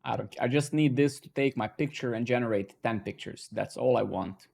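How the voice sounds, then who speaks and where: Gravelly man live-coding and muttering. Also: mid-range voice, a little fast. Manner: talks to himself, swears, excitable outbursts. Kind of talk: casual live-stream commentary while coding.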